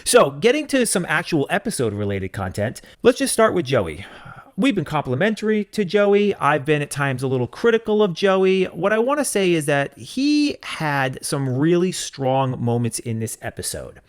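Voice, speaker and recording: A man co-hosting a casual podcast chat, with a somewhat high voice. His pitch swoops up and down in a lively way as he rants with mock-stern emphasis. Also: moderate pace. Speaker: podcast co-host.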